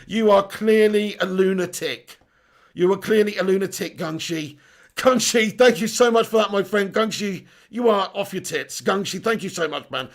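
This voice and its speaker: A high-pitched man hosts a live stream, his voice gravelly with creak. He talks in an excitable, laughing way, full of swearing banter as he reads out viewers' messages. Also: moderate pace.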